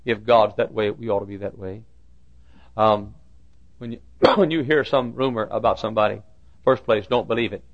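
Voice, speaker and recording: A man preaching a sermon, repeating phrases for emphasis and swinging from loud outbursts to hushed lines. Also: on the low side, steady tone, normal speed. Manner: swings between loud shouted lines and hushed quiet ones; repeats phrases for emphasis, acts out quoted dialogue. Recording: dull lo-fi recording.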